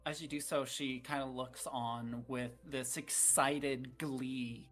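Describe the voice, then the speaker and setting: A woman running a tabletop game as dungeon master, narrating in a relaxed way with small hesitations. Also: very deep voice, slow pace, faint music behind.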